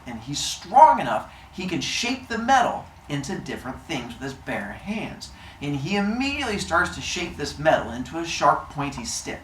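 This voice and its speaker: Brief: male storyteller, lively up-and-down delivery, joking, roomy live room with faint hum. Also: fairly high pitch, distant mic. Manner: playful, jokey asides. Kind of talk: comic myth storytelling to an audience.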